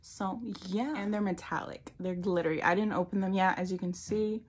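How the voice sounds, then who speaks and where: Young woman vlogger, mid pitch, chatty and rambling haul talk, slightly breathless. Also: fairly even intonation, moderate pace, a little hiss or hum. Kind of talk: casual haul vlog.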